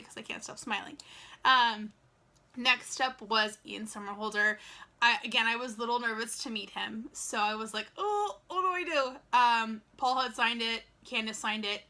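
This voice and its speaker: Young woman vlogger, casual storyteller, slightly high and very bright voice, chatty and full of "like.". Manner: chatty, lots of "like" and quoted dialogue.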